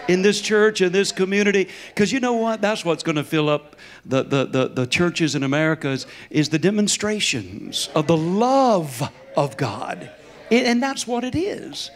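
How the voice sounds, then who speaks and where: A high-pitched, sing-song male voice keeps a measured pace. The speaker is a middle-aged guest preacher in a church sanctuary, chuckling through a folksy, story-driven sermon.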